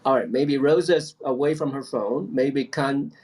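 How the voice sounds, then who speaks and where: A man's voice: medium pitch, a little slow, darkish tone. Patient male accent coach on a call. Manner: patient, repeats instructions often. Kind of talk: online group lesson.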